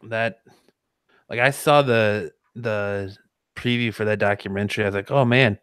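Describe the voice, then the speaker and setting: A low-pitched man chats loosely as a podcast host, drifting and restarting his thoughts. His voice sits close and dry on the mic. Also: moderate pace, fairly bright tone, smooth, dry recording. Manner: loose, rambling, restarts sentences often. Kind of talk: casual chat.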